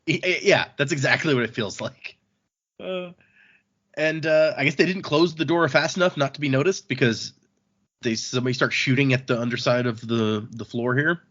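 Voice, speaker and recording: A man's voice: medium pitch, fairly bright tone. A man on a book podcast, casually retelling chapters and quoting the characters as he goes. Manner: retells scenes, quoting characters in quick asides. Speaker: podcast host summarizing chapters. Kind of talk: casual chat, retelling a story. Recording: dull, muffled podcast audio.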